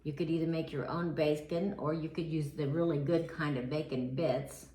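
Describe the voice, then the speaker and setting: A woman's voice: deep voice, steady tone, normal speed, dark tone. An older woman chatting in a homey, casual way as she walks viewers through a cooking demo. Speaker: cooking vlogger.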